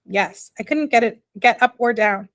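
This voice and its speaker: A woman's voice: on the high side, a bit bright, lightly acted. A woman doing a plain-spoken little father. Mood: defensive. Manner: rambling, homely grammar, explaining slowly. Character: small homely father, plain-spoken and patient. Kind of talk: audiobook character reading.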